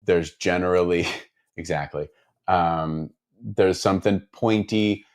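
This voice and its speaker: A man's voice: sits low, slow pace. A man building guitars, chatting casually and rambling while he works in his workshop, with lots of fillers and self-deprecating asides. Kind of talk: casual chat while working.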